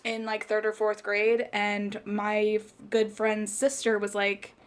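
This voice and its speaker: A woman in her late twenties, hosting a casual life-chat podcast. She rambles in a passionate way, strings thoughts together with plenty of "like" fillers, and speeds up when she gets excited. Her pitch sits in a middle range for a woman. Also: slow pace. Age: late 20s. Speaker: podcast host.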